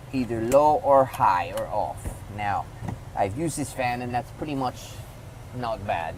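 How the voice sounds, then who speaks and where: A man's voice: mid-range voice, noisy background. A man giving a casual hands-on product review, rambling loosely and talking to the viewer as he demonstrates.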